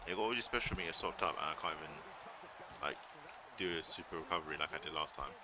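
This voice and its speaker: A man streaming a wrestling video game live, excitedly commentating, swearing and shouting at the screen. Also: rumbling low, quick pace, background noise. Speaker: gaming streamer.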